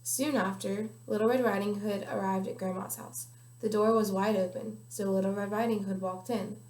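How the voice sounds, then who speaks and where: A woman's voice: medium pitch, fairly even intonation, normal speed, darkish tone. A young woman reading a children's picture book aloud carefully, with small slips now and then. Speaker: guest reader. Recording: echoey room.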